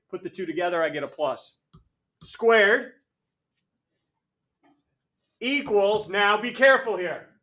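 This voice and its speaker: A male math teacher lecturing a classroom, energetic and jokey, calling on students by name. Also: high-pitched. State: out of breath.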